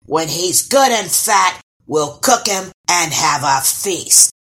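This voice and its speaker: A woman voicing a huge, greedy male troll in a storybook, booming and menacing. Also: expressive, slow pace, heavily acted. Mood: commanding. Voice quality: loud, booming shouts.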